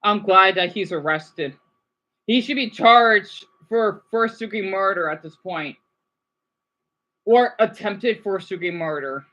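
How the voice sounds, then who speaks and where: A woman livestreaming, reacting to videos and chat, swinging between furious rants and quiet apologies. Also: medium pitch, takes it slowly, muffled recording.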